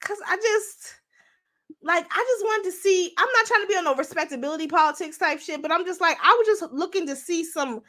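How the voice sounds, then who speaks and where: A woman's voice: extremely high pitch, a little fast, bright, forceful tone. A young woman hosting a livestream, chatting bluntly and profanely to her viewers. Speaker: livestream host. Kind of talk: casual livestream commentary.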